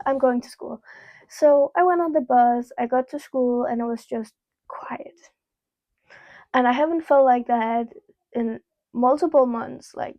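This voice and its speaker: A teenage girl vlogger tells a personal story to camera, candid and rambling, peppered with "like" and casual swearing. Her voice is fairly high, picked up on a small clip-on mic in a dry, dull-sounding recording.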